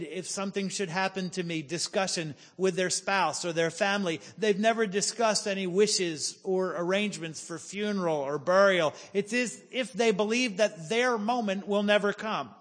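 A man in his forties, a pastor preaching a sermon, telling a personal story with humor and slowing down for emphasis. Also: high-pitched, in a large hall. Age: 40s.

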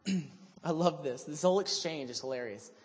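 A man preaching a sermon, telling the story in an animated, humorous way. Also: on the high side, a little fast, long reverb tail, slight background noise.

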